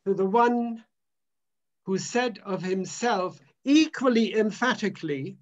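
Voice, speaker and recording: A male minister delivers a sermon at a very unhurried pace, leaning on repeated phrases with emphatic weight. The recording is dull and lo-fi, with a muffled top end. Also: high voice.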